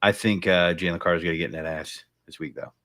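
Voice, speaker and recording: Man, very low voice, dry close sound; blunt, crude sports panelist running on no sleep. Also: fairly even intonation, fast, bright, forceful tone, no echo. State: tired from little sleep. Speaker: podcast panelist. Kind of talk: casual sports talk.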